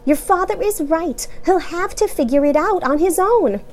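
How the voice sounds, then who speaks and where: A woman voicing a gentle but firm mother beetle in a storybook reading. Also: extremely high pitch, animated, moderate pace, pitched above the performer's own voice. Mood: soothing firm. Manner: soothing yet firm.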